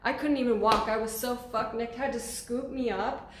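A woman recounts a story straight to camera in a loose, blunt vlog style, cursing freely and getting animated. Her voice sits a bit high, and the room rings with noticeable echo. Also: moderate pace, noisy background. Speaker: vlogger. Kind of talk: casual storytime.

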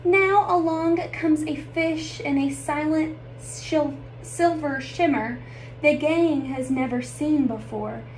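Storybook read-aloud, woman narrator, rhythmic rhymes, high voice, unhurried. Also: distant mic, a little hiss or hum, rough recording.

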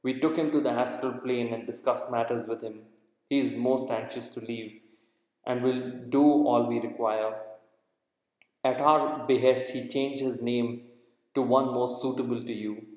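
A man voicing a wise lama guide who gives calm, measured, solemn instructions, read in an echoey room. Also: mid-range voice, lightly acted. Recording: echoey room with long reverb.

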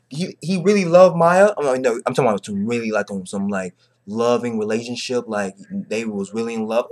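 A young man giving an excited, slangy, profanity-laced casual recap of an anime episode, often repeating himself. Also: medium pitch. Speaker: anime reaction vlogger.

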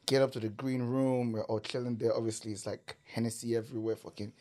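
Casual canadian dude telling a crazy story on a podcast, lots of "like" and cussing, cracks up laughing. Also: male voice, medium pitch, fast. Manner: animated, swearing, laughing storyteller with many "like" fillers. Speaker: podcast guest.

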